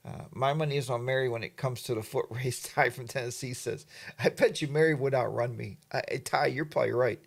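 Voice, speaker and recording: A man's voice: mid-range voice, a little fast, gravelly, slightly rough. Chatty middle-aged man hosting a livestream. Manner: rambling, chatty, with many fillers and asides. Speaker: livestream host. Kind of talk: casual storytelling while reading chat.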